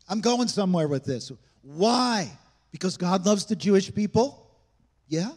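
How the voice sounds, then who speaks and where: A man's voice: high voice, darkish tone, long reverb tail. A male pastor preaching a sermon in a church, emphatic and conversational, with frequent rhetorical questions to the congregation. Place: church sanctuary.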